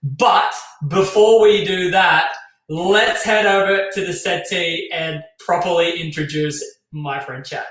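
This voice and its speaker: A man's voice: high voice, takes it slowly, a bit bright, recorded from a distance. An Australian man hosting a casual talk show, chatty and loose with lots of fillers. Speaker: show host. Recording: echoey room.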